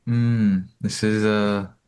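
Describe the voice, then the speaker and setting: A man's voice: fairly low pitch, flat delivery, drawn-out words, darkish tone, clear, resonant tone. A young man in his late teens telling a personal story casually, with many fillers and restarts. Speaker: guest, book distributor.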